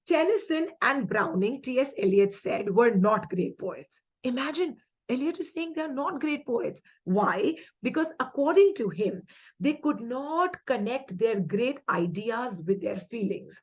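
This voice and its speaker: A woman's voice: on the high side, expressive, a little slow, husky, muffled recording. A woman with an Indian English accent running a quiz-style exam-prep lesson, chatty and upbeat, mixing in Hindi asides.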